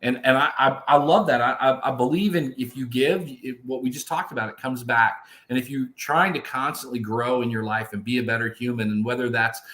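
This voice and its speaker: Man, fifties, bright forceful voice, emphatic, motivational, casual chat. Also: mid-range voice, a little fast, hardly any pauses. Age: 50s. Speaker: podcast co-host.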